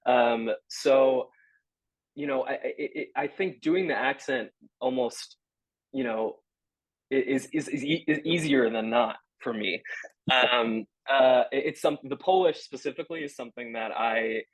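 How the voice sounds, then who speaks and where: A young man answers interview questions in an earnest, halting way, often stopping to search for the right words. His voice sits in a middle register. The sound is dry and close, with no room echo. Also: medium pitch. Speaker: stage actor guest.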